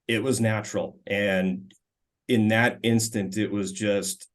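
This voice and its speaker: A man in his forties from Minnesota talks through old stories in a relaxed, chatty interview. His voice sits fairly low, and he keeps stumbling over his first words and restarting. He tells it like a former player chatting over tea. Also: slow. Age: 40s. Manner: relaxed, frequent stammered restarts. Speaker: guest, former hockey player and radio color commentator. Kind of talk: casual storytelling interview.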